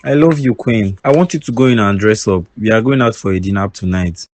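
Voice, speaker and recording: A man voicing a loving, generous husband and father in a cartoon, calm and affectionate. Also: on the low side, a little fast, lightly acted. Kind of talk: cartoon voice acting.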